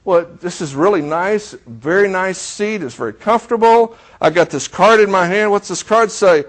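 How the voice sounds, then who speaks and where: This middle-aged man preaches with a high-pitched, animated voice, moving at a moderate pace with few pauses. His sermon illustration is a story in which he acts out the dialogue and questions the congregation.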